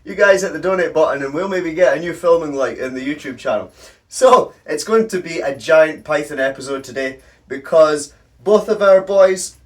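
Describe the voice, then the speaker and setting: With a fairly high, expressive voice at normal speed, a reptile keeper and channel host chats to the camera during a casual vlog. He handles large pythons, cooing at them affectionately, and is slightly out of breath. The recording is made from a distance.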